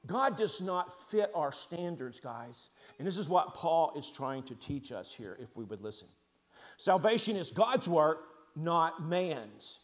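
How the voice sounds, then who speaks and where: A high-pitched man preaching a sermon from the pulpit. He presses his points hard with loud emphatic stresses, drops to quiet asides, and keeps asking his listeners rhetorical questions. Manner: asks the congregation rhetorical questions. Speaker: pastor.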